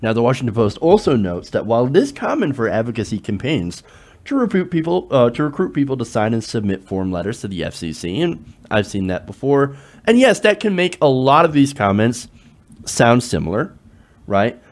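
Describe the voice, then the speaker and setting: A male political commentator talking straight to his audience, piling up rhetorical questions and sarcastic asides. His pitch sits in the middle but moves a lot, rising sharply on his points. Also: sing-song, fairly quick. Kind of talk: direct-to-camera political commentary.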